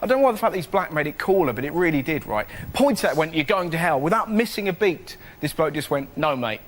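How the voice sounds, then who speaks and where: A young man telling comic stories on a panel show, full of animated shrieking impressions, in a TV studio with a live audience. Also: on the high side, fast talker. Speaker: comedian panellist. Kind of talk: stand-up comedy routine. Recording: loud noisy studio recording.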